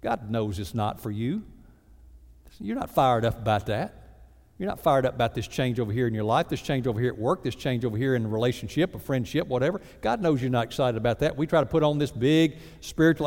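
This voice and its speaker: A man preaching a sermon as a pastor, lively and acting out mock prayers in other voices. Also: mid-range voice, brisk. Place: church sanctuary. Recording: reverberant church sanctuary.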